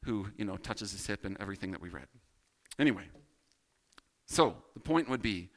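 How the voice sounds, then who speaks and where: A man's voice: mid-range voice, pushed and bright. A man teaching a Bible study in a casual, self-deprecating way, asking rhetorical questions.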